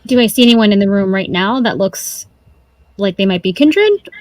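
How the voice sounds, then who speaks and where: A woman's voice: mid-range voice, lively intonation, normal speed, no room sound. A woman playing in a tabletop game, chatting casually and thinking aloud as she plays. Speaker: player. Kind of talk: casual play chat.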